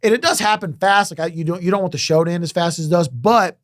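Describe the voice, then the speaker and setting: A man chats as a podcast guest in a slightly higher voice. He talks loosely, full of "like" and "dude". The sound is dry and close-miked. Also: fast talker, no room sound. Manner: relaxed and conversational, with lots of fillers like "like" and "dude". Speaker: guest guitarist. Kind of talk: casual interview chat.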